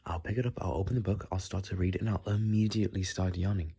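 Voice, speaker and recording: A sleepy young man talks in a soft, soothing murmur, letting his thoughts drift late at night. His voice sits very low with a gravelly, husky edge. It sounds like a phone recording in a quiet bedroom. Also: steady tone, quick pace. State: tired, sleepy. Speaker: vlogger. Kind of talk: late-night casual rambling talk.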